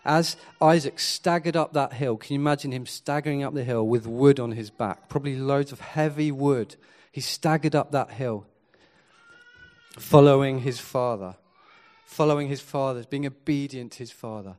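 A man preaching a sermon, earnest and swinging from quiet to emphatic. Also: mid-range voice, normal speed.

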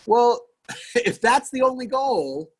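Man, 40s, pastor guest; husky, earnest, animated storyteller. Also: very high voice, slow. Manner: earnest, animated, acts out quoted dialogue. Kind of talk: candid conversational storytelling.

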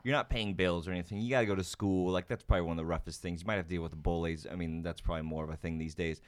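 A man in casual chat, rambling and thinking out loud with many fillers. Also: low-pitched, fairly even intonation, rapid-fire, clear, resonant tone.

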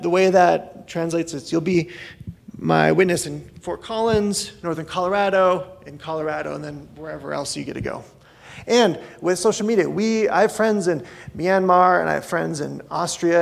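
A man preaching a conversational sermon as a pastor, swinging between loud outbursts and hushed asides. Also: on the high side, creaky.

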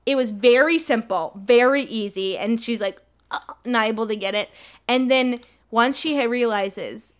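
A woman's voice: on the high side, normal speed. A young woman co-hosting a casual podcast, animatedly retelling a novel and acting out the characters' lines. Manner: animated storyteller, acting out quotes in shifting voices. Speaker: podcast co-host recapping a novel. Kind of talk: casual chat.

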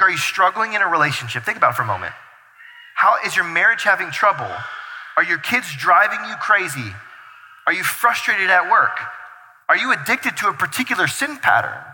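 A man preaching a sermon as pastor, energetic and full of rhetorical questions to the congregation. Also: sits high. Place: church hall. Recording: reverberant church hall.

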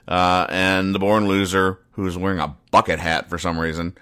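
A man's voice: sits low, level tone, normal speed, fairly bright tone, smooth. A man hosting a comedy show, reading out comic strips and rambling about them in a self-mocking way, with bursts of acted lines. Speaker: comic strip reader and host. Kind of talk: casual comedic commentary.

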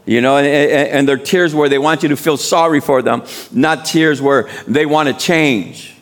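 A man preaching a sermon as guest speaker in a church, building to shouted appeals and call-and-response. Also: fairly high pitch, moderate pace.

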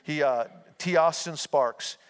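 A man's voice: fairly high pitch, slow, smooth. Earnest preaching man in a reverberant hall. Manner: folksy storytelling, earnest and exhorting. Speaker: pastor. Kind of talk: sermon.

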